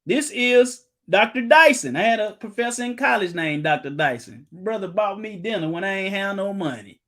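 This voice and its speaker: A man preaching informally, reading quotations aloud and telling personal stories, with loud emphatic outbursts. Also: high voice, lively intonation, normal speed. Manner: casual, storytelling, breaks into loud emphatic outbursts.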